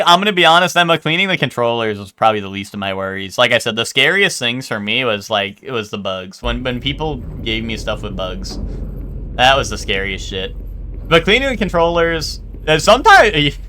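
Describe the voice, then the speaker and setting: A man's voice: mid-range voice, bright, forceful tone. A young man streaming live, telling stories in a loose, rambling way full of fillers and swearing, and talking straight to his chat.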